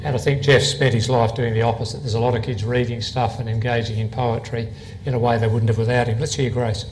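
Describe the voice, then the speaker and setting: A man's voice: mid-range voice, little pitch movement, fast talker, a little hiss or hum, rough recording. Meandering male interviewer. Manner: conversational, meandering. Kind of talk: on-stage interview. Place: live event before an audience.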